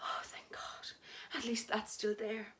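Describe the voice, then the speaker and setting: Frightened young Irish wife from Dublin, breathy whisper, read by a woman. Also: fairly high pitch, little pitch movement, measured pace, fairly bright tone. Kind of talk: dramatic story reading.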